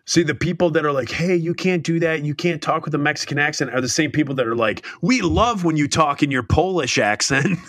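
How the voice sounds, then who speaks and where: A man's voice: on the high side, brisk, hardly any pauses, a bit bright, no room sound, clean studio sound. A middle-aged man co-hosting a podcast in casual, rambling, self-deprecating chat. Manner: rambling, self-deprecating, breaks into silly put-on accents. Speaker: podcast co-host.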